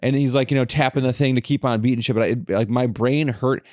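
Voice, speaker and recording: Man, podcast co-host, rambly and profane, quick, dry close sound. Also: medium pitch, fairly even intonation, a little mellow, no room sound. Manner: rambling, heavy swearing and filler words. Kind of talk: casual chat.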